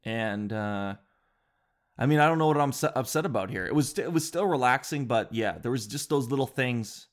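A man's voice: medium pitch, normal speed. A man hosting a show, telling a rambling comic story in casual chat, full of fillers and restarts. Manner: rambling, animated, with filler words and self-interruptions.

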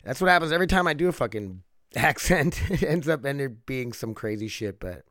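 A man's voice: mid-range voice, animated, normal speed, fairly bright tone, no room sound, clean studio sound. A man hosting a solo podcast, sick and foggy-headed, rambling casually with frequent swearing and laughs. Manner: rambling, profane, laughs often. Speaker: podcast host.

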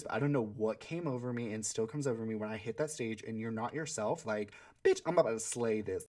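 A young man from Georgia hosting a podcast, telling stories in a chatty, sassy way and laughing often. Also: on the low side. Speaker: podcast host. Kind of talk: casual solo storytelling.

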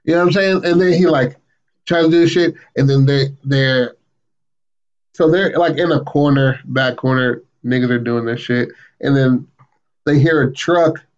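A man co-hosting a podcast, casually retelling a story plot and acting out the characters' lines with a raised voice. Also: moderate pace. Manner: animated retelling, acts out quotes with raised pitch. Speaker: podcast co-host. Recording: muffled, lo-fi podcast audio.

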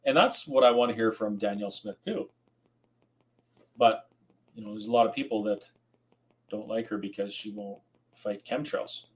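A man's voice: lowish voice, normal speed, pauses often, a little hiss or hum, poor audio. Tired man on a late livestream. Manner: rambling, conversational, reads out viewer comments. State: tired, yawning. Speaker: host. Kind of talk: casual late-night livestream talk.

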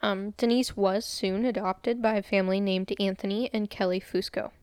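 A young woman with a smooth, resonant voice talks through a crime case in a casual podcast chat. The recording is dry and close, in a room with the window open. She tells it step by step, relaxed and unhurried, with easy fillers. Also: medium pitch, no echo. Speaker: podcast co-host.

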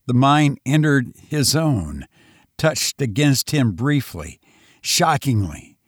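A man reading a story aloud as narrator, in a measured, dramatic storytelling manner. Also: mid-range voice, very animated, husky, dry recording, studio quality. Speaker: audiobook reader. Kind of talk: scripted narration.

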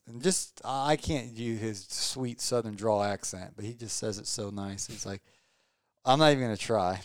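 A man's voice: fairly low pitch, fairly even intonation, moderate pace, no echo, clean studio sound. A tired man hosting a casual podcast chat, rambling and repeating words, upbeat and joking. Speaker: podcast host.

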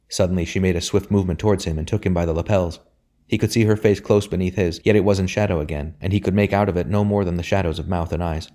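A man's voice: low-pitched, fairly even intonation, quick pace, warm tone. A man narrating a historical novel as an audiobook, reading steadily. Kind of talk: scripted narration.

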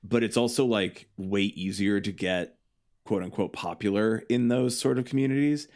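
A young man from the Chicago suburbs, with a lowish, slightly mellow voice at a normal speed, appears as a band guest on a podcast. He chats casually and rambles, using "like" constantly and acting out quotes in different voices.

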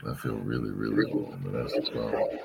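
A middle-aged man hosting a rambling late-night podcast, weary and halting, often losing his thread and sounding emotional. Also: extremely low pitch, vocal fry, background noise. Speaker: podcast host.

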